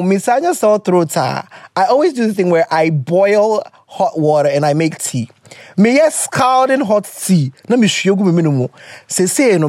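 A woman with a Ghanaian accent hosts a podcast in a loose, chatty way, laughing easily and dropping in Twi phrases. Her voice swings widely in pitch and is worn down by a sore throat. The sound is dry and close. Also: a little mellow, no echo. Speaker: podcast host. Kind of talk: casual chat.

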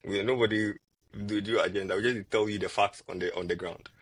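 Husky man talking football. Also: on the low side, brisk, no echo. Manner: animated, repeats words when arguing. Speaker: podcast co-host, football fan. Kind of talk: casual football chat.

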